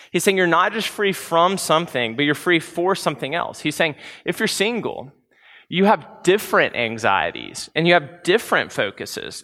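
A young man delivers a sermon in an easygoing, conversational manner, dropping in fillers and everyday slang. His voice is fairly high for a man and bright, with a forceful edge. The sound carries the long reverb of a large hall. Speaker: preacher.

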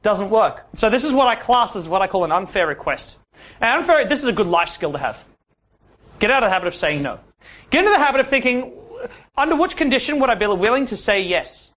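A very animated man with a voice that sits high and a fairly bright tone talks fast while teaching a dating workshop. He speaks directly to the class, asks the room questions, and ends points with "yeah?"

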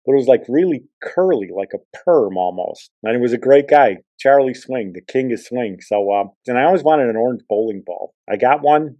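A podcast host tells rambling personal stories in a casual, conversational way. His voice is lowish with a dark tone, and the recording has no echo but the highs are cut off.

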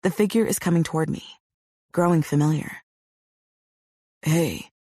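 A woman narrating a novel in the first person, with a measured, intimate reading on a close studio mic. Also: on the low side, dark tone, no echo. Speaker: audiobook narrator.

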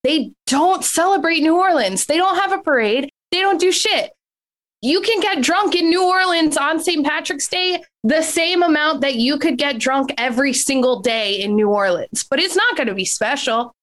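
A woman with a high voice tears through a comic rant. She is brash and profane and piles up jokes quickly. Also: lively intonation, fairly bright tone. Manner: brash, profane, fast riffing. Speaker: comedy panelist. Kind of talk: comedic debate rant.

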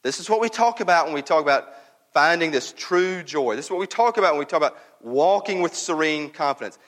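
Man preaching with lively, emphatic delivery. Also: fairly high pitch, a little fast, big-room sound. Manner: conversational, emphatic, repeats words for stress. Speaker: pastor. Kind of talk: sermon. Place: church.

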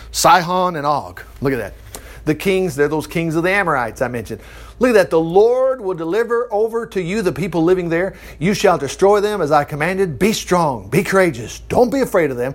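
Preacher, male, high voice, reads scripture with animated commentary. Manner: reads scripture aloud, breaks in with animated asides and laughs. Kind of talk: Bible teaching with commentary.

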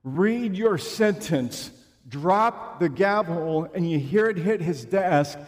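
A man preaching a sermon in a church, slow and emphatic, with dramatic pauses. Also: sits high, expressive. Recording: long reverb of a large room.

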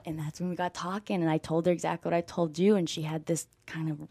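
A young woman, a guest on an interview show, telling her story with lively energy and acting out what people said. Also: on the low side, fast, no echo. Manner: animated storyteller, acts out quoted dialogue, frequent "like". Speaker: guest, former college softball player. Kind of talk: conversational interview.

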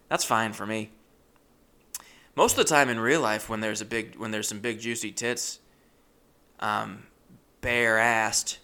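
Man, gravelly voice, bright tone, rambling self-deprecating comic storytelling. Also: mid-range voice. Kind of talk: stand-up storytelling.

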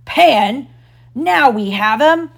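A woman voicing a menacing adult male pirate captain in a storybook reading, booming and commanding. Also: animated, moderate pace. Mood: furious.

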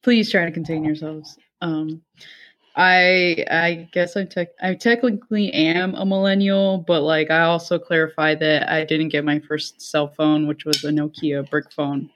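A woman's voice: low-pitched, fairly even intonation, measured pace, a bit bright. A woman of thirty co-hosting a casual podcast, wry and self-mocking. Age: 30s. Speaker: podcast co-host.

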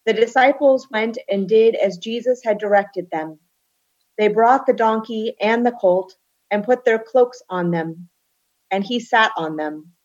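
A woman reading a scripture passage aloud in a steady, clear way. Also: mid-range voice. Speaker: podcast co-host reading scripture. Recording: dull lo-fi sound.

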